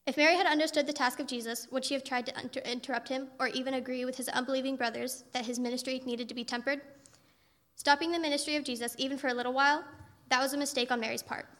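Casting: a woman preaching, high and bright, with reassuring storytelling and echoey hall sound. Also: fairly even intonation, quick pace. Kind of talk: sermon.

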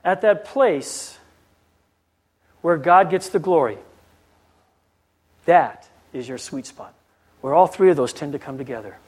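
A man's voice: fairly high pitch, lively intonation, a little slow, long pauses, a little mellow. A man preaching a sermon, pressing the listeners with repeated rhetorical questions and telling a story.

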